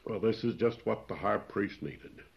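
Low-voiced male preacher, plain and deliberate, pauses often, on a muffled old recording. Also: creaky. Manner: plain-spoken, explains old scripture wording, frequent "uh" pauses. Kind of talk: expository sermon. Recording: dull lo-fi recording.

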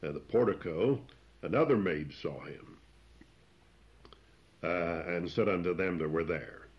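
Low-voiced male preacher, plain and deliberate, pauses often, on a muffled old recording. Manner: plain-spoken, explains old scripture wording, frequent "uh" pauses. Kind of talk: expository sermon. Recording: dull lo-fi recording.

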